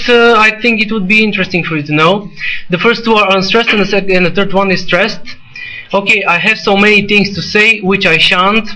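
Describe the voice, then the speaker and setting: A man teaching a classroom of students, talking in a halting way with restarts and asides to the class. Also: high voice, pushed and bright, rough recording. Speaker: teacher giving a presentation. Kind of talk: classroom lecture.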